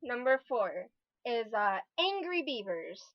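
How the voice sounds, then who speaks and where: A woman's voice: on the high side, very animated, slow pace, no room sound, dull audio. A woman guest on a podcast, chatting casually and recounting things in a rambling way full of fillers. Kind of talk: casual chat.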